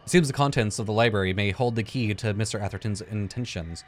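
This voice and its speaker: A man's voice: fairly low pitch, fast talker, few pauses. A man giving casual gameplay commentary, thinking aloud, joking and swearing as he plays. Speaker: let's play gamer.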